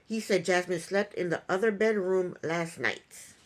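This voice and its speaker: A woman's voice: lowish voice, a little slow. A woman giving a casual reality TV recap in an opinionated, sarcastic way, with chuckling asides.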